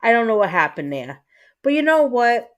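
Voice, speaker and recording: A woman's voice: on the high side, sing-song, moderate pace. A woman in her thirties hosting a livestream, chatting casually with her viewers, rambling and cursing, with lots of fillers and restarts. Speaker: livestream host.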